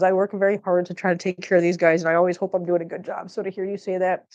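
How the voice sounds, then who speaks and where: A chatty woman from Missouri talks casually into a laptop microphone at home. She rambles between topics and slips into soft baby talk for her cats. The audio is slightly dull. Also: medium pitch, quick pace. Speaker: cat channel host. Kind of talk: casual livestream chat.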